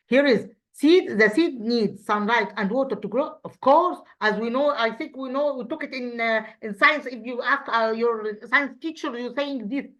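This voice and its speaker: A woman teacher with an Egyptian accent, a native Arabic speaker, explaining an English lesson to children with halting restarts and quizzing questions. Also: fairly high pitch, sharp tone. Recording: dull lo-fi sound.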